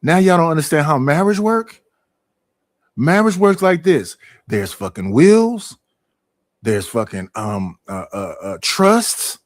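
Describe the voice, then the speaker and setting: Middle-aged man, ranting, profane, rhetorical questions, fairly high voice, dry close sound. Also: very animated, slow, no echo. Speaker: streamer. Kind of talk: casual ranting monologue.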